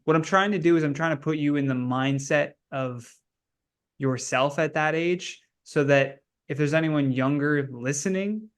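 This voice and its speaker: A young man hosting a podcast in casual chat, laughing often and agreeing with plenty of "yeah". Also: mid-range voice. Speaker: podcast host.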